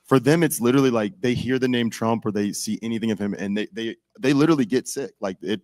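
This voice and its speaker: A man's voice: medium pitch, fast talker, a little mellow, dry recording. A young man in casual political chat, rambling with many "like"s and restarts.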